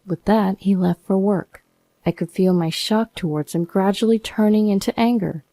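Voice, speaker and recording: A woman's voice: medium pitch, normal speed, dark tone, dry recording. A young woman narrating her own story in the first person, with an aggrieved, indignant tone.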